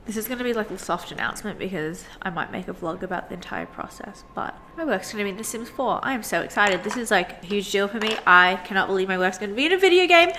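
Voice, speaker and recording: A woman's voice: medium pitch, expressive, quick pace, hardly any pauses, sharp tone, slight background noise. A young woman illustrator chatting casually to viewers while she sketches, rambling and full of "like" fillers. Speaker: illustrator and vlogger. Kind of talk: casual sketch-and-chat monologue. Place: home desk by a sunny window.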